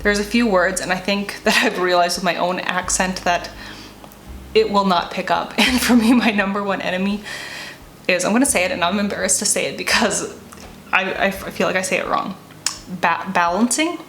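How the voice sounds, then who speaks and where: A woman's voice: mid-range voice, normal speed, fairly bright tone, echoey room, slight background noise, poor audio. A woman writer and vlogger chatting casually to camera, rambling and self-deprecating, laughing often as she talks.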